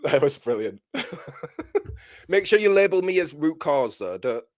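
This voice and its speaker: A man chatting as a podcast guest on a handheld mic, mock-serious and deadpan. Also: on the high side, slow pace, no echo. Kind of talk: casual chat.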